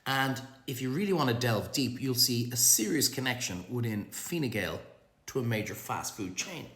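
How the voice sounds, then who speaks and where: An Irish restaurant owner talking straight to camera in a blunt, sweary opinion vlog, sick with flu and clearing his throat. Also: medium pitch, expressive, normal speed, a bit bright, roomy sound.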